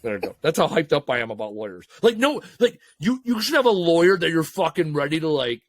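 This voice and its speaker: A man co-hosting a business podcast, telling stories in a profane, excitable, casual way. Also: on the high side, quick pace, no echo. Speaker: podcast co-host. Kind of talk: casual chat.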